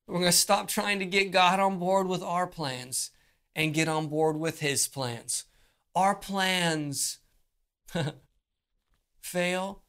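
Preacher mid-sermon: unhurried, measured pace, halting repeats and pauses. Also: medium pitch, a bit bright, clean tone. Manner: slow, deliberate delivery with frequent repeated words and pauses.

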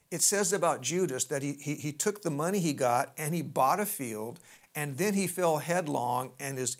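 A preacher retelling a scripture story as a sermon, in a lively, folksy manner full of asides and big swings in pitch.

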